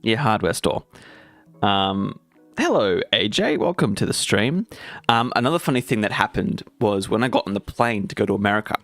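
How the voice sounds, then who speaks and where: A man's voice: fairly low pitch, big pitch swings, moderate pace, fairly bright tone. A man with an Australian accent, a game developer chatting casually and jokingly with viewers on a live stream. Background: faint music playing.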